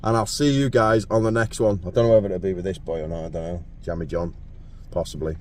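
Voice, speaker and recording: Speaking fast in a low voice, a cold man fishing at night jokes around, laughs a lot and gets excited as he chats to the camera for his vlog. The mic is far away and there's slight background noise.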